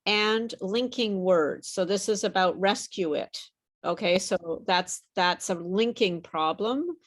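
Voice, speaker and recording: A woman's voice: medium pitch, slow. Encouraging woman tutor, plain mid voice. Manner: encouraging, explains patiently with many fillers. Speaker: English pronunciation tutor. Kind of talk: online pronunciation lesson.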